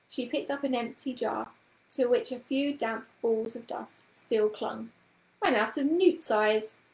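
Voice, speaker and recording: A woman storyteller reading a children's book aloud with a gentle, expressive manner. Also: fairly high pitch, roomy sound, poor audio.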